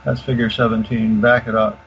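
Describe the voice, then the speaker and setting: An older man explaining in detail as a radio guest, halting with many fillers and restarts. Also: on the low side, level tone. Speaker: guest expert. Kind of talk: casual explanation on a call-in radio show. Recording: dull lo-fi call audio with faint hiss.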